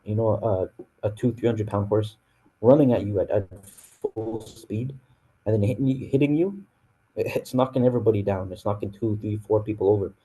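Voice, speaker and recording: A man with a North American accent teaches verse by verse in a loose, easygoing classroom manner, pausing often to restart his sentences. His voice sits fairly low and sounds very dark and mellow, with a slightly husky edge. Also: low-quality recording. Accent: North American English. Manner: relaxed, full of fillers and restarts. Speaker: Quran teacher. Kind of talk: casual classroom explanation.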